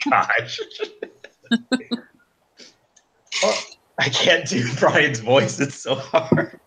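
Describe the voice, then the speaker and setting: A man's voice: mid-range voice, animated, drawn-out words, background noise. A man running a tabletop game in casual chat, laughing often and hesitating with many fillers. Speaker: game master.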